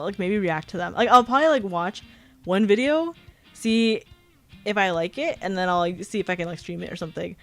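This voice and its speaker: A young woman in her twenties streaming a casual chat, rambling with lots of fillers and giggling often. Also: mid-range voice. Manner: filler-heavy, frequent "like".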